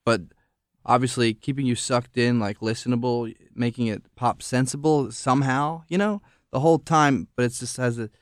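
A man's voice: mid-range voice, steady tone, moderate pace, no room sound, clean studio sound. A man, a musician guest on a podcast, talking in a laid-back, rambling way, full of filler words. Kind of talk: casual interview chat.

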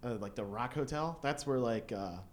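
A man with a mid-range voice tells a story at a moderate pace in casual conversation. He's animated, laughs often, and acts out what people said.

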